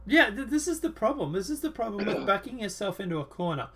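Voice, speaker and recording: A man's voice: sits high, big pitch swings, quick pace, noisy background. A man hosting a casual political chat show, talking in a rambling, sarcastic, emphatic way. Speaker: show host.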